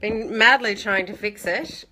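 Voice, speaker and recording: A woman hosts a casual live stream from home, talking into her phone. She is chatty and friendly, greeting viewers by name and laughing often. Her voice is bright and clear, sitting in a middle pitch. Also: measured pace, a little hiss or hum.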